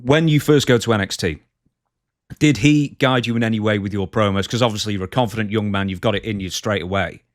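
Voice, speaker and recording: A man asking an interview guest relaxed, curious questions. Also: on the low side, quick pace, no room sound, clean studio sound.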